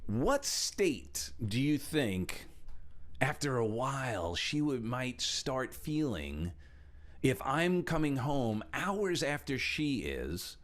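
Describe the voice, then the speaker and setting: A middle-aged man giving a motivational talk as a coach, animated and acting out little quotes as he explains. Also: takes it slowly. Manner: animated, shifts pitch a lot for emphasis, acts out quotes. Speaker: speaker and coach.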